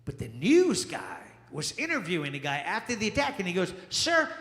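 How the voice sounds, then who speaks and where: A man performing a stand-up comedy set in a small jazz lounge, bantering with the crowd in an animated way. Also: high-pitched. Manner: animated, crowd-work banter with quick asides. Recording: echoey room with long reverb.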